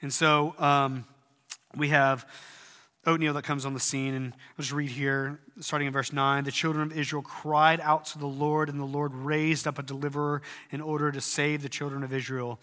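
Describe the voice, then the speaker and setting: A man preaching a sermon in earnest tones, rising at times to loud, emphatic peaks. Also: a little high, flat delivery, moderate pace, long reverb tail. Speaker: pastor.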